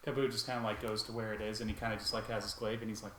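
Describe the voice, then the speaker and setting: A man's voice: on the low side, little pitch movement, rapid-fire, pushed and bright. A man playing a tabletop role-playing game, describing his character's actions in a casual, rambling way full of fillers. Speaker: player. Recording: echoey room with faint noise.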